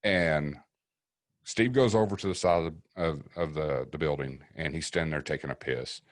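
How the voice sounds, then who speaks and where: This is a man with an extremely deep voice, telling a story on a podcast in a relaxed, profane way. He acts out what the other people said as he goes. He sits close to a dry mic with no room sound. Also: moderate pace, dry recording. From East Tennessee. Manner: profane, vivid storyteller acting out quotes. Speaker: paranormal investigator guest.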